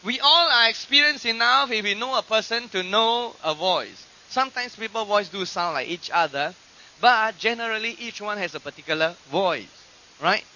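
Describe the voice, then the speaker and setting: Man, preacher, sermon, high voice, very bright, lo-fi archive recording. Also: moderate pace. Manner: animated, acts out quoted voices. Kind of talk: sermon teaching.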